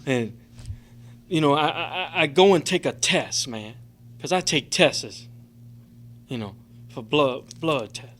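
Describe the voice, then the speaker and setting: A man's voice: fairly high pitch, animated, takes it slowly, long pauses, a bit bright. A middle-aged man giving an emotional, profane personal testimony to a recovery group, rambling and filling with "man" and "you know". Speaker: recovery convention speaker. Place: convention meeting room.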